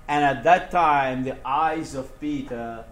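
A man preaching a sermon. He swings between hushed, low passages and raised, emphatic ones, and he asks the congregation questions for them to answer. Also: slow, roomy sound.

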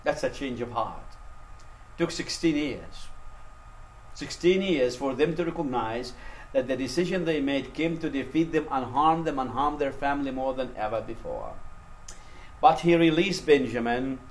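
A man's voice: mid-range voice, normal speed, slight background noise. A man preaching a sermon, retelling a story animatedly and acting out its quotes.

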